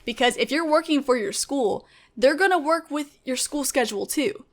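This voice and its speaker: In a relaxed vlog, a gaming content creator in her twenties cheerfully walks through the jobs she used to have. Her voice sits high at a normal speed, and she's a lively, chatty storyteller.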